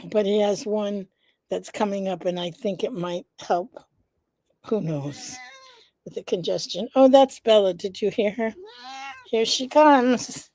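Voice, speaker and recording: A congested woman hosting her live vlog in a casual, chatty way, often pausing with "um" and greeting viewers by name. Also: mid-range voice, dark tone, no room sound. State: congested, nasal stuffiness. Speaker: vlog host, founder of an organization. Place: indoors at home.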